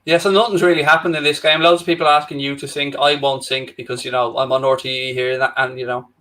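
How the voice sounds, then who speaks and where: A man's voice: mid-range voice, flat delivery, quick pace, fairly bright tone. A man co-hosting a live football watchalong, wry and a little hesitant. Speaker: co-host.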